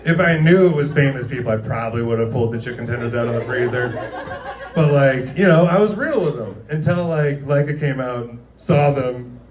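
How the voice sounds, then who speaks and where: Captured on a distant mic, a man in his thirties with a mid-range voice speaks briskly. He's doing casual stand-up storytelling for a live audience in a dimly lit restaurant, rambling, laughing, and peppering his stories with "like."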